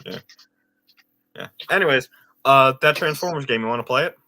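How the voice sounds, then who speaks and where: A man's voice: medium pitch, moderate pace, bright, forceful tone. A man chatting casually with a friend on stream, joking and giving his opinions freely. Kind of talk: casual chat.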